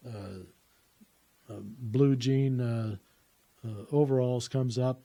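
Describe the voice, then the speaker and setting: A man's voice: mid-range voice, slow pace, dark tone, slightly rough. A man telling a personal story in a casual, rambling way, with lots of "uh" fillers and restarts.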